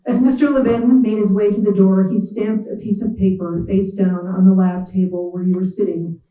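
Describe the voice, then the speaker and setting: A writer giving a measured, wry literary reading in the second person. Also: mid-range voice, level tone, mellow, reverberant, distant mic, poor audio. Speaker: visiting writer. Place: reading event hall.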